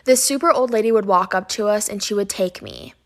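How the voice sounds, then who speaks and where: A woman's voice: mid-range voice, brisk. A woman earnestly retelling a personal story. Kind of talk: casual storytime.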